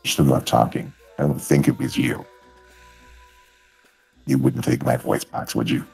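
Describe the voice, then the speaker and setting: An extremely deep, gravelly fork-faced creature, played by a man, rolling out smooth campaign-speech lines. The voice is thick with rasp and crackling fry, as if from a villain in a VR role-play. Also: very animated, measured pace, darkish tone, soft background music, exaggerated voice.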